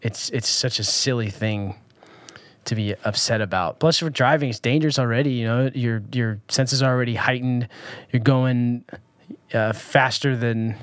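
A man from Southern California recounts his day in a loose, personal vlog, pausing often on ums and circling back over his words. His pitch sits in the middle, and the dry, close recording has no room sound. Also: fairly even intonation, no room sound. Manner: rambling, many ums and restarts. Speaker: vlogger.

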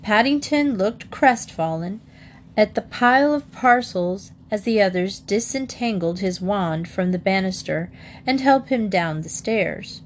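A woman narrating a children's storybook in a steady, measured reading voice. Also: medium pitch, a little hiss or hum. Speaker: audiobook narrator.

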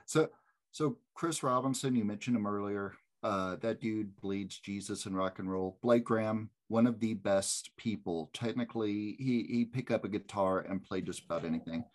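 A man in his thirties, co-hosting a casual podcast, who tells stories with lively, rising excitement. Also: normal speed. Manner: animated storyteller, jumps high when excited. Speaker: co-host.

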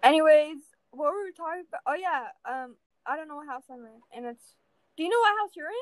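A teenage girl chatting casually, venting in an animated way with lots of fillers. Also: sits high, quick pace, no room sound, rough recording. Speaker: student. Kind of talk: casual chat.

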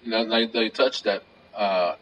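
A man hosting a casual conversation, speaking haltingly with many fillers. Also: fairly low pitch, steady tone, a bit bright. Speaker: host. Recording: distant mic with faint noise.

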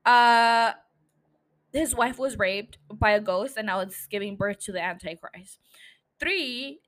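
A woman's voice: fairly high pitch, a bit bright. A young woman hosting a casual solo podcast, rambling, swearing freely and laughing at herself. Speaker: podcast host.

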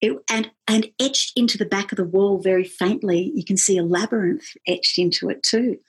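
A woman musician telling a travel story in casual chat, animated, acting out the people she quotes. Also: moderate pace, slightly rough. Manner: animated, acts out quoted voices with big pitch jumps. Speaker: musician and podcast guest.

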